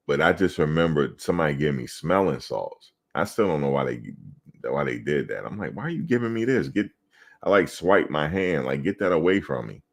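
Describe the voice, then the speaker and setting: Very deep-voiced man telling football stories. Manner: loose, profane storytelling with laughter. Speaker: podcast co-host. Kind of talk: casual sports chat.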